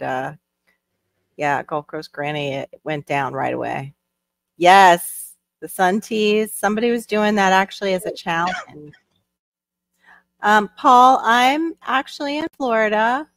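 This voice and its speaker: Chatty low-voiced woman hosting a livestream. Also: a bit bright, dry recording. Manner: chatty, reads out and greets viewers in the chat. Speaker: livestream host. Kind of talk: casual live-stream chat.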